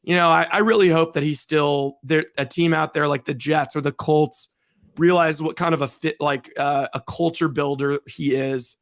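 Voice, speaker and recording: A man co-hosts a live postgame talk show, and his voice is a touch scratchy from a cold. His voice sits a little high, and he rambles with lots of emphasis. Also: fairly even intonation, moderate pace. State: slightly scratchy voice from sniffles. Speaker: co-host. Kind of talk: casual sports talk show.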